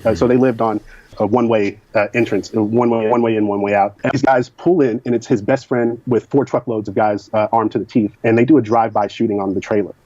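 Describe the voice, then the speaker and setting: Candid male interview guest from Kentucky, low mellow voice, dull lo-fi sound. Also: no echo. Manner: candid and frank. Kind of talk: recounting personal experiences. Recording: dull lo-fi recording.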